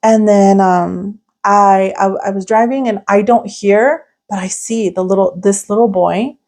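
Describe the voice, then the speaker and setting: A young woman co-hosting a podcast tells a story in casual chat, rambling with lots of "like" and restarts. Her mid-range voice is steady, a little slow and a little mellow.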